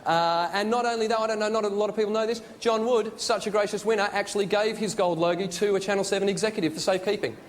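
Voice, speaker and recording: A man's voice: high-pitched, fairly even intonation, fast talker, few pauses. An Australian man hosting an awards ceremony, telling jokes in a dry, wry stand-up monologue in a large theatre. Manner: dry, wry joke delivery. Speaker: awards show host. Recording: live stage with crowd and noise.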